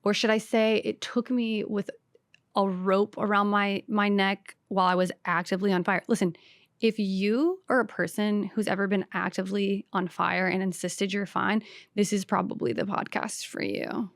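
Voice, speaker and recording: A woman's voice: medium pitch, steady tone, normal speed, no room sound, clean studio sound. A woman from the American South with a light Southern accent, a stand-up comedian hosting her own podcast in a brash, sassy, self-mocking solo rant. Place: podcast studio.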